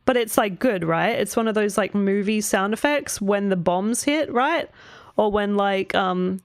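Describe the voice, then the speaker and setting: A woman's voice: medium pitch, measured pace, no echo, clean studio sound. A woman vlogger chatting casually, rambling with lots of fillers, asking "right?" and swearing freely. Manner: rambling, filler-heavy, often asks 'right?'. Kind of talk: casual chat.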